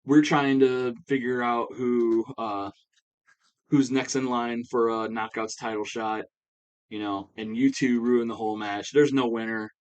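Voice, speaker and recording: A man voicing an indignant woman wrestler ranting about her ruined match in a loud, offhand paraphrase. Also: mid-range voice, steady tone, unhurried, natural voice. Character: angry woman wrestler demanding fair competition.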